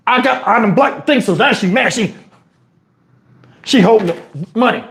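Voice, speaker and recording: A man from New Jersey telling casual stories on his livestream in crude street slang, animated and jumping into high, shouted tones as he retells them. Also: brisk. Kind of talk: casual storytelling. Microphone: wireless lapel mic.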